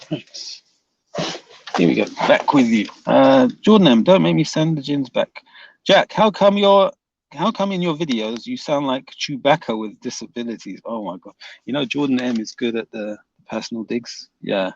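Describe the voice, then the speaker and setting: A man's voice: mid-range voice, expressive, normal speed, gravelly, lo-fi sound. Teasing man reading live chat. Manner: teasing, laughs often, reads comments aloud. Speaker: livestream host reading chat comments. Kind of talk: casual livestream chat.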